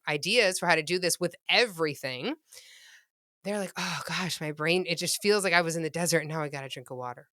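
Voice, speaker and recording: A woman pet loss grief counselor, speaking gently and earnestly in a podcast interview. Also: lowish voice, smooth, no echo, studio quality.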